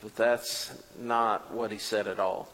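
A man's voice: on the low side, steady tone, slow pace, fairly bright tone, big-room sound, rough recording. A man performing a first-person dramatic monologue as a preacher, telling the story earnestly with self-mocking asides. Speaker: preacher performing a biblical character.

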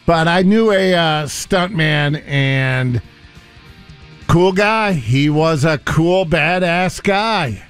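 A man's voice: a little high, drawn-out words, clear, resonant tone, faint music behind. A man co-hosting a radio show, chatting casually and trailing off mid-sentence.

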